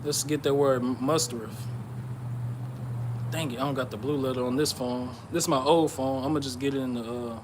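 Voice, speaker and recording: A man giving an informal sermon on prophecy, reading scripture aloud and explaining it, often checking in with "okay?" and "all right?" and pausing with "uh". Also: mid-range voice, steady tone, noisy background. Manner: pauses with "uh" and restarts. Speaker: bible teacher.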